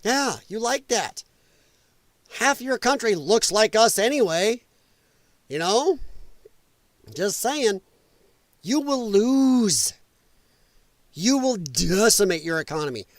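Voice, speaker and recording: Profane high-voiced man ranting. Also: dry recording. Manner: profane, combative, sarcastic ranting; mocks opponents in put-on whiny voices. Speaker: political commentary streamer. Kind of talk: casual ranting commentary.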